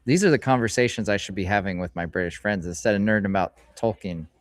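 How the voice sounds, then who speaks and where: A middle-aged man hosts a casual live stream, chatting in a rambling way and reading card names aloud slowly. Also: lowish voice, no echo. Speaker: streamer host. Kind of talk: casual live-stream chat while opening card packs. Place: hobby store, indoors.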